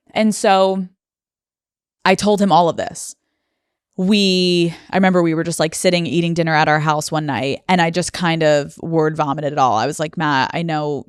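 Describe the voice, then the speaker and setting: Young woman, podcast host, low voice, smooth and clear, confessional, emotional, close to tears, dry studio mic. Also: dry recording. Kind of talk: personal solo podcast monologue. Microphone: studio microphone.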